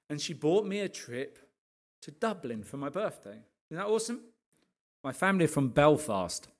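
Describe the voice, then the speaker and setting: A man, a pastor, giving a lively sermon testimony full of asides to his listeners and passionate outbursts. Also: on the high side. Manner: animated storytelling, rising to impassioned rants with frequent asides to the audience.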